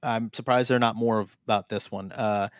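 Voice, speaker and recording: A man's voice: on the low side, steady tone, a little fast, dry recording, studio quality. A man co-hosting a live improvised comedy stream, hesitant and full of fillers and restarts, talking into a desk mic. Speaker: co-host.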